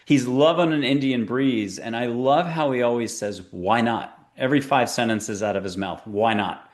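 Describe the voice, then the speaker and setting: A man's voice: mid-range voice, normal speed. Man, mid-range voice, spiritual teacher guest in an interview; chatty and playful, jumps between tangents. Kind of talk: conversational interview talk.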